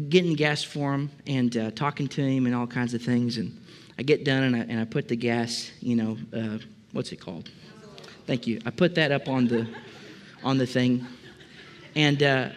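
A man preaching a conversational sermon to a congregation, joking and asking them questions. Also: medium pitch. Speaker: pastor. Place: church service before a congregation.

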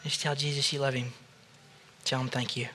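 Bright-voiced pastor leading quiet prayer. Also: male voice, medium pitch, little pitch movement, a little hiss or hum. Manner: soft, slow prayerful guidance that rises to loud praise. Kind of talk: sermon with guided prayer.

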